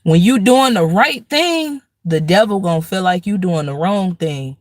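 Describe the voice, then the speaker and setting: A woman's voice: fairly low pitch, expressive, a little slow, no room sound. Woman w/ aave preaching bout the devil, storytelling, dry close sound. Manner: preachy, storytelling with acted-out rants. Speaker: host. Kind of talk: casual spiritual talk monologue.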